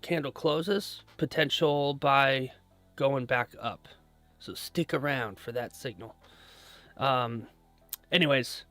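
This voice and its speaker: A man's voice: mid-range voice, sharp tone, dry recording. Young American man, live trading stream, chatty, rambling, greets viewers, faint music behind. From United States. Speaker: livestream day trader. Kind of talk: casual live-stream chat.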